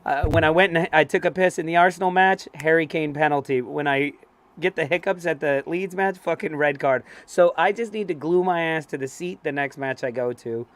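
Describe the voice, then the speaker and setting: A man co-hosting a casual fan talk show, telling stories excitedly, swearing freely and acting out what people said. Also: a little high, fairly quick. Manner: excitable, swears freely, acts out quoted voices. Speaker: co-host. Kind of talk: casual chat, animated storytelling.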